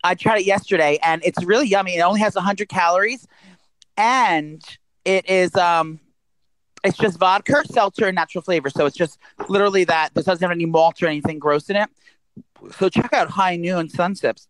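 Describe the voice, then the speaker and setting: A man's voice: high-pitched, a little fast, a bit bright, dry recording, poor audio. A man co-hosting a podcast in casual chat, rambling on with lots of "like" and "um" and reading out his own promos. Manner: chatty and rambling, full of "like" and "um"; reads out promos. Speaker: podcast co-host.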